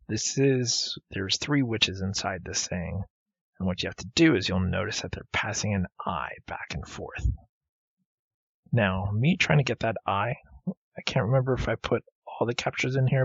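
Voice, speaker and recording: Gravelly, husky man chatting over a game. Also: fairly low pitch. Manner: chatty, punning, self-deprecating. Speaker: let's play host. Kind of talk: game commentary. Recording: dull lo-fi recording with faint game music.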